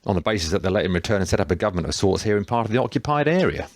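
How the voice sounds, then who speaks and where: A man's voice: lowish voice, animated, very fast, no echo, clean studio sound, voice pushed up. A man doing a blunt, sturdy working man. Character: big sturdy blunt man, quick to anger.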